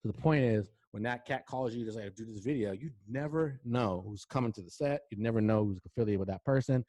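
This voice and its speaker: A male talk show host telling lively anecdotes in casual interview chat, often checking in with "right?". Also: lowish voice, fairly quick.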